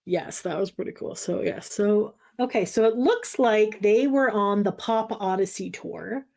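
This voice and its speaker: A woman at a middle pitch, chatting casually as a podcast co-host. She rambles through a recap with plenty of "like" and "um" and quick asides. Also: creaky, darkish tone. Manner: rambling, filler-heavy recap. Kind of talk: casual chat.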